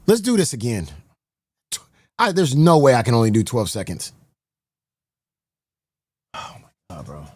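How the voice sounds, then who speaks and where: A man streaming live, chatting casually to his viewers, excitable and swearing often, repeating himself. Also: medium pitch, unhurried, pauses often, husky, no echo, studio quality.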